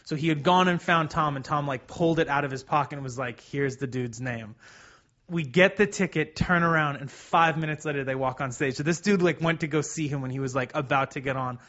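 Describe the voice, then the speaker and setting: A man co-hosting a podcast, telling a long story in a rambling, halting way and swearing freely. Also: fairly high pitch, fairly bright tone, muffled recording. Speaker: podcast co-host. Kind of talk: casual storytelling.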